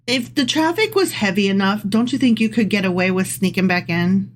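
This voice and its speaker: A woman's voice: mid-range voice, fairly quick. A woman co-hosting a podcast, reading scripture aloud and mocking it in casual, profane, sarcastic chat. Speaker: podcast co-host.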